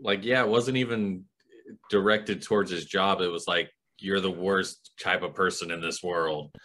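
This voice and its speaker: A man's voice: sits low, steady tone, normal speed, fairly bright tone. A man co-hosting a movie review podcast, chatting casually and earnestly and laughing easily. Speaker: podcast co-host.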